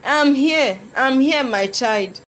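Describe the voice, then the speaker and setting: A woman's voice: high-pitched, expressive, slow. A woman voicing a loving, guilt-ridden mother in a cartoon drama, soothing and pleading. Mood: tender pleading.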